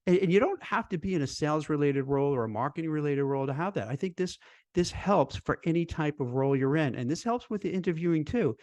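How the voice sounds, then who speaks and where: A man, a recruiter and career coach, giving casual job-interview advice in a chatty, animated way, full of "you know" and "like". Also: a little high, dry recording. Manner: conversational, lots of fillers like "you know" and "like"; animated, acts out quoted voices. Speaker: recruiter and career coach hosting a live stream.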